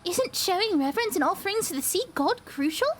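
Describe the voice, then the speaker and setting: A woman's voice: very high-pitched, animated, brisk, slight background noise, pitched above the performer's own voice. A woman voicing an earnest, reverent young female investigator in game dialogue.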